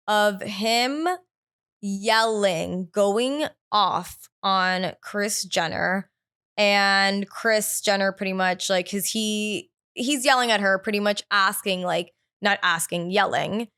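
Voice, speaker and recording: A woman hosts her own podcast in relaxed, candid chat. Her voice is smooth and clear, with a mid-range pitch. She swears freely and scatters "like" through her sentences. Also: slow. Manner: chatty and candid, swears freely, many "like" fillers. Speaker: podcast host. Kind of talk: casual solo podcast chat.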